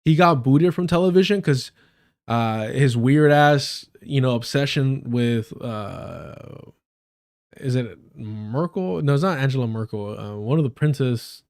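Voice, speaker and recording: A man's voice: medium pitch, lively intonation, a little slow, creaky, darkish tone. A man hosting a livestream, giving heated and sarcastic political commentary with frequent swearing. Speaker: livestream host.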